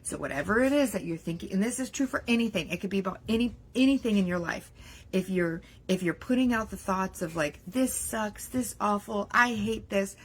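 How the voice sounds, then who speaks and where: A young adult woman coaching on business mindset in a casual, animated talk to camera, acting out worried inner voices and leaning on "like" fillers. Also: medium pitch, slightly rough.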